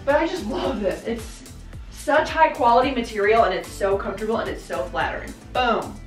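In a fairly high voice at normal speed, a woman in her thirties chats about clothes during a relaxed try-on haul, bubbly and quick to laugh. She's a fashion vlogger recording in an echoey room with soft music in the background.

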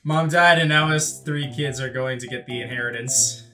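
A man hosting a casual online drawing game with friends, reading prompts aloud with loud outbursts and frequent laughter. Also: medium pitch, steady tone, moderate pace, over music. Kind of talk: casual gaming chat.

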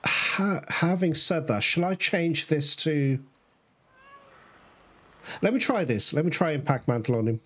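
A man's voice: a little high, lively intonation, measured pace, pauses often. A man giving casual, chatty commentary on his own gameplay, talking straight to viewers and swearing now and then. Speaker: gamer playing through a game.

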